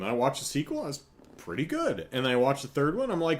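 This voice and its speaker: A man's voice: a little high, fast. A man hosting a casual solo podcast, rambling and correcting himself as he tells stories. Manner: rambling, self-correcting, animated storytelling. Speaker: podcast host.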